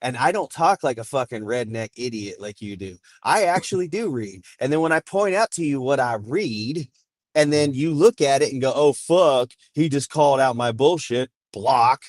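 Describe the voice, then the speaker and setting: Man, guest author, emphatic profane rant, mid pitch, dry recording. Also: animated, moderate pace, no room sound. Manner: emphatic, swearing, ranting. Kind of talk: casual profane chat.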